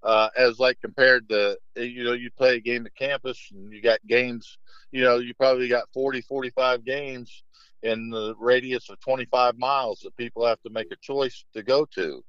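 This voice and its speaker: In a casual interview, a middle-aged man who coaches basketball shares anecdotes at a normal, smooth pace in a mid-range voice. He rambles, filling in with "you know" and restarting often, yet livens up when quoting people, all in a dull, dry lo-fi recording.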